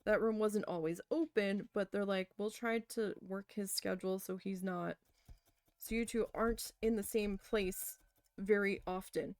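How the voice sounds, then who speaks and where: A woman's voice: medium pitch, fairly even intonation, unhurried, darkish tone, dry recording. A woman casually telling a long personal story while crafting, chatty, with many fillers, acting out what she and others said. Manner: chatty, lots of fillers, quotes herself animatedly. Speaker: crafting vlogger.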